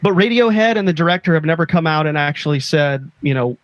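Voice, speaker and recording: Upbeat higher-voiced man telling a story. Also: expressive, fast talker, no room sound, muffled recording. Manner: enthusiastic storytelling, acting out quoted lines. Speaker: podcast co-host. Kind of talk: casual chat.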